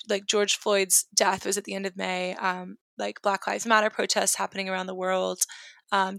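A woman's voice: medium pitch, gravelly, bright, forceful tone, dry recording. A woman in her twenties from New York, candidly recounting a personal story in a rambling way with many "like" fillers. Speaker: guest.

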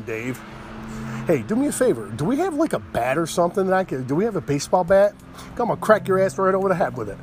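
A man's voice: high voice, very animated, quick pace, noisy background. A middle-aged man telling stories in a casual, profane rant, acting out both sides of every argument in a worked-up way.

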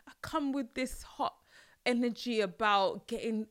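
A woman's voice: fairly high pitch, a little slow, a bit bright, dry recording, studio quality. A young woman talking casually on her own podcast, exasperated and slangy, laughing often. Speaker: podcast host. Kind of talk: casual solo podcast monologue.

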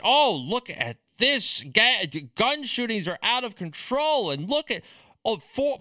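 A man's voice: a little high, bright, forceful tone, no echo. A man ranting in political commentary, sarcastic and scornful.

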